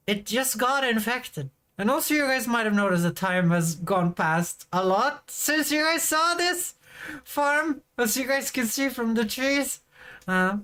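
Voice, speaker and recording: A woman streamer with a fairly high voice talks to her viewers in unhurried, rambling chat as she plays a game. Her talk wanders and stalls, and now and then she breaks into loud exasperation. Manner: rambling, chatty, bursts of loud frustration. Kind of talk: casual livestream chat while gaming.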